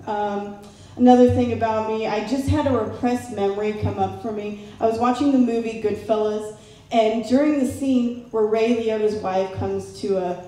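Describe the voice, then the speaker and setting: A woman's voice: fairly high pitch, dark tone. A young woman from Southern California doing a chatty, playful stand-up routine at a live show. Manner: chatty, playful, acts out family members' voices. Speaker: stand-up comedian. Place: live comedy show in a large room. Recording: very echoey room with faint background noise.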